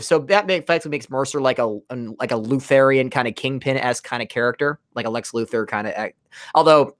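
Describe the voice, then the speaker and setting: Rambling, animated man on a livestream. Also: medium pitch. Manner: rambling, animated, self-correcting. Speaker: comic book creator. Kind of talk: casual livestream chat.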